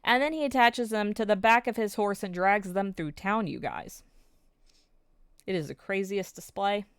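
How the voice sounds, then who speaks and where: A woman's voice: medium pitch, moderate pace, clear, resonant tone, no room sound, clean studio sound. A woman recapping episodes of a drama in a casual, emotional, storytelling way, with plenty of fillers.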